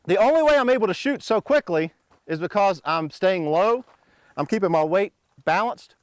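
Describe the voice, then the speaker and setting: A man in middle age teaches a pistol drill outdoors, his voice sitting somewhat high for a man. He mixes playful threats with brisk, commanding instructions to his students. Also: animated, smooth, dry recording, clean studio sound. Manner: joking, commanding drill calls. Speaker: shooting coach. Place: outdoor shooting range.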